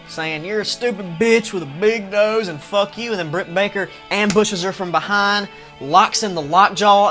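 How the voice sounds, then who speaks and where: A man hosting a casual wrestling recap, profane and animated, laughing often and mimicking wrestlers in quick bursts. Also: fairly high pitch. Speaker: wrestling review host.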